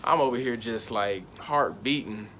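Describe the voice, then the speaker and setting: A man's voice: medium pitch, normal speed, a bit bright. A young man tells a personal story in loose, slangy talk. His voice sits in a middle register. He rambles, restarts and keeps saying "I was like," with a faint hiss of noise under the recording. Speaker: channel host.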